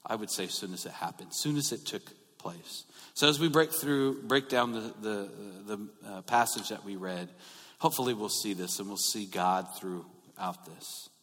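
A man preaching a sermon in an informal way, often restarting his words and growing more animated as he goes. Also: on the low side, moderate pace, in a large hall. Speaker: pastor.

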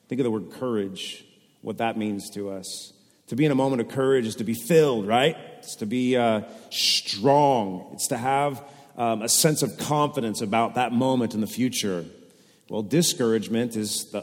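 A man, preaching a sermon to his congregation in a casual, conversational and expressive way. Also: mid-range voice. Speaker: pastor. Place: church sanctuary. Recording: long reverb of a church hall.

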